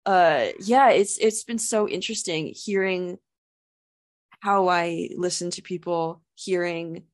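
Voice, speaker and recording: A young woman hosts a podcast in a chatty, casual way, filling her talk with "like". Her voice sits a little low for a woman. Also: takes it slowly. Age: young adult. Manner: chatty, says "like" often. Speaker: podcast host. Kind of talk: casual conversational interview.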